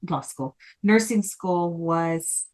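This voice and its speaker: A woman hosting a podcast who asks hesitant questions and reacts with short, soft remarks. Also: fairly low pitch, slow pace. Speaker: podcast host. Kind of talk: casual interview.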